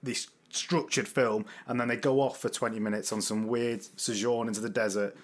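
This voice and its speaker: A man hosting a casual film podcast, who reads out listener questions and speaks in a measured, thoughtful way. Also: medium pitch, steady tone.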